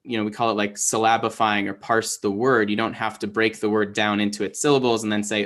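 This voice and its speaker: A man's voice: lowish voice, fairly even intonation, fairly quick, hardly any pauses, a bit bright. A man teaching an online Hebrew class, explaining patiently with lots of fillers and restarts over a video call.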